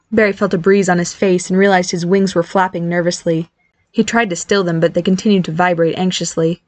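A woman reading a story aloud as audiobook narrator in an even, storytelling manner. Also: on the low side, a little fast, dry recording. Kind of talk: scripted narration.

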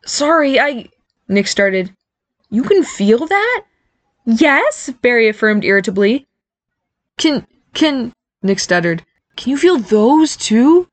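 A woman's voice: mid-range voice, big pitch swings, unhurried, no room sound. A woman voicing a blunt, tactless teenage boy teasing his brother in a storybook reading. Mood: startled.

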